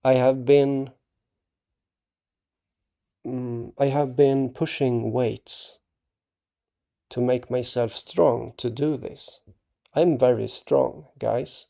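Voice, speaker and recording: This is a man speaking to camera on his own channel. His delivery is slow and hesitant, full of restarts and tag questions. His voice is mellow and dark, with a gravelly fry underneath. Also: medium pitch, fairly even intonation. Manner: halting, earnest, with many restarts and tag questions. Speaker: artist and channel host. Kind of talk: casual talk to camera.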